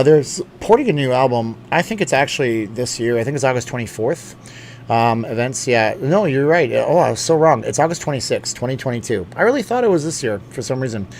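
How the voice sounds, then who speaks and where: A middle-aged man talks loosely through a home livestream, drifting from one aside to the next and often restarting his sentences. His voice sits at an ordinary middle pitch. A faint noise hums underneath the recording. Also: darkish tone. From lives in Las Vegas. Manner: rambling, chatty, with frequent restarts and asides. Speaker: channel host reading live chat. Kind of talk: casual livestream chat. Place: home room.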